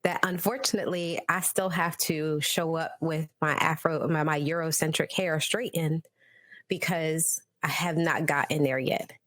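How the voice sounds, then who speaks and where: A woman hosting a casual podcast panel chat, telling stories in a lively way with laughter. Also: low voice, normal speed, no room sound. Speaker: podcast host.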